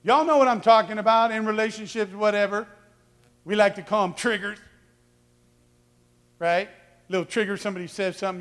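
A man preaching with a high, bright and forceful voice. He acts out quoted voices and raises his voice to a shout for emphasis. His sermon rings out with a long reverb in a big hall. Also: steady tone, brisk, pauses often. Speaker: pastor.

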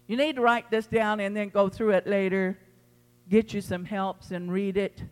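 A pastor preaching a sermon to his congregation in an impassioned, emphatic way, swinging between loud pleading and quiet teaching. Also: sits high, flat delivery, normal speed, clear, resonant tone, in a large hall. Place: church sanctuary.

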